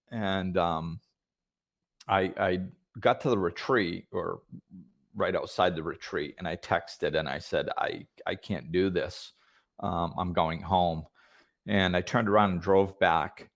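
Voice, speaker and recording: A man with a very low, deep voice hosts a podcast conversation. He talks reflectively and hesitantly, trailing off and starting over as he works through his thoughts. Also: fairly bright tone. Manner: thoughtful, hesitant, many fillers and restarts. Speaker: podcast host.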